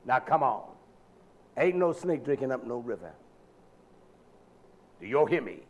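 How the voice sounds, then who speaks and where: A male preacher giving a sermon in a dramatic, colloquial manner, swinging from shouted lines to low murmurs. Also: very animated, unhurried, muffled recording.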